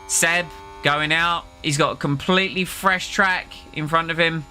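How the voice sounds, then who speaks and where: Bright-voiced male game streamer, chatty. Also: a little high, steady tone, a little slow, slight background noise. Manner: chatty, reacts aloud to the game and chat. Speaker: streamer playing a racing management game. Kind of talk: casual live-stream commentary.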